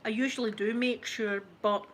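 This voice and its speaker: Her voice a little high and her tone steady, a woman from Scotland in her forties talks at a moderate pace. She hosts an ASMR channel and chats casually with viewers, telling stories, laughing frequently and teasing herself. Slight background noise is present.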